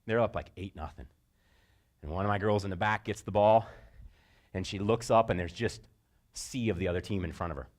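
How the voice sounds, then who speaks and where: A middle-aged man giving a motivational talk to sports parents, telling stories and jumping into high shouted voices for quotes. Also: a little fast, pauses often. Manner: animated storyteller, jumps into high-pitched shouted voices for quotes. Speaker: speaker.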